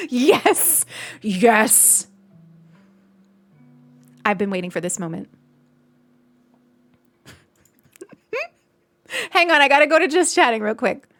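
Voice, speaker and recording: A woman's voice: on the high side, big pitch swings, unhurried, pauses often, a bit bright, faint music behind. A young adult woman streamer chatting casually and giggling as she thanks donors on a live stream.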